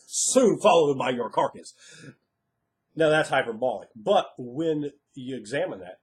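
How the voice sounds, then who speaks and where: A man giving blunt, emphatic advice on tabletop role-playing as a game master, acting out quoted players. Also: mid-range voice. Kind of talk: casual advice monologue.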